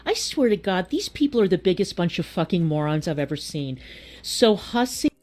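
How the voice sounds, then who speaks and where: Give me an indignant woman with a lowish voice, insisting on her side. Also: very animated, normal speed, darkish tone. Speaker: commentator in a played clip. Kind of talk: heated online rant.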